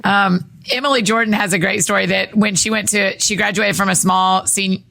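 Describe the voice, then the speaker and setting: Woman, podcast co-host, bright voice, giggly storyteller, dry close sound. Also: medium pitch, moderate pace, creaky, dry recording. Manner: giggly, animated. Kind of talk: casual chat.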